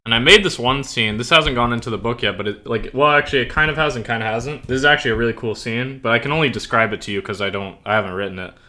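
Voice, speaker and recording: A man chatting on a stream in a rambling, casual way, packing his talk with "like" fillers and stopping to correct himself. His voice is bright and forceful, at a middling pitch. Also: fast, hardly any pauses.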